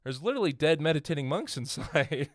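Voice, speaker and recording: A man's voice: on the high side, very animated, a little fast, dry recording, clean studio sound. A man hosting a podcast in casual chat, congested from a head cold, talking loosely with fillers and restarts. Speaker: podcast host.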